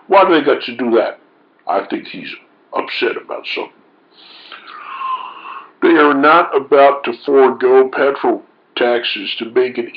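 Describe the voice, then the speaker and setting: A man with a lively, swooping delivery reads forum posts aloud and interrupts them with folksy, mock-indignant asides. The recording sounds a little dull and lo-fi. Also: mid-range voice. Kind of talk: reading posts with sarcastic commentary.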